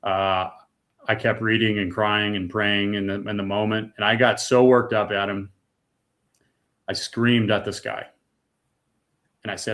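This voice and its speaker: Speaking as a guest, this middle-aged man from the United States shares a raw, heartfelt testimony and repeats words when emotion takes over. His voice is on the low side and a bit bright, with little pitch movement and a moderate pace.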